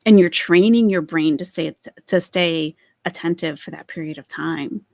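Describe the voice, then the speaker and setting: A woman's voice: fairly low pitch, moderate pace, gravelly, darkish tone, no echo, studio quality. A woman hosting a live stream, commenting on a clip and chatting with viewers in their comments. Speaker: commentary channel host.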